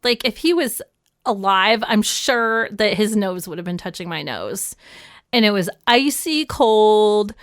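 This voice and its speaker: A woman's voice: medium pitch, expressive, measured pace, dry recording, studio quality. A woman guest on a podcast, talking casually and wryly, with lots of fillers. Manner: chatty, many "like" fillers, wry. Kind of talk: casual conversation.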